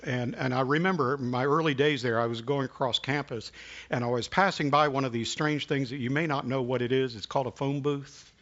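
A man preaching a sermon and telling personal stories, speaking in a halting, earnest way with frequent restarts, coughing now and then. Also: mid-range voice, steady tone, a bit bright. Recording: dull lo-fi recording.

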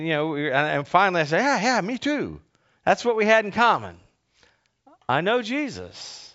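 A middle-aged male pastor from North America, giving a folksy sermon with halting restarts and swings in pitch. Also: a bit bright, clean tone. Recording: dull lo-fi sound.

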